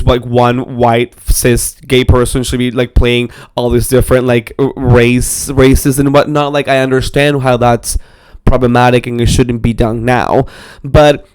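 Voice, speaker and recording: Brief: a podcast co-host, a man with a smooth voice who hedges and rambles in casual chat. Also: medium pitch, darkish tone. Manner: rambling, hedging, lots of "like".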